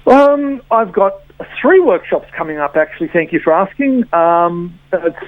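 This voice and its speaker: A woman's voice: fairly low pitch, expressive, a little slow, no room sound. A woman, a body language trainer, explaining things as an interview guest with frequent fillers and restarts. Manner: explanatory, with many fillers and repeats. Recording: tinny dry phone line.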